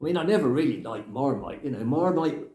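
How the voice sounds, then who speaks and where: A man's voice: mid-range voice, animated, brisk, warm tone, close to an everyday voice. A man playing a ranting grumpy bloke. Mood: musing. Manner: rambling, ranting, tags lines with "right?". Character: grumpy older Englishman ranting about clutter. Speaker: comic character. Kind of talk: rambling comic monologue to camera. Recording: echoey room.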